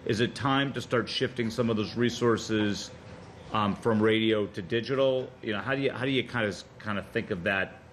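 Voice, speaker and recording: A man on a board, speaking in a meeting in a conversational, halting way with repeated words. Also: fairly low pitch, fairly bright tone, slight background noise. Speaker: board member.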